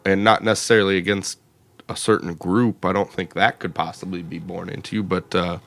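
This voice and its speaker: A man co-hosts a casual podcast chat in a lowish voice, feeling his way through each thought with stalls and restarts. The sound is dry and close, with no room around him. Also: fairly even intonation, creaky, a bit bright, no echo. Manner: halting, full of uh's and restarts. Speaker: podcast co-host.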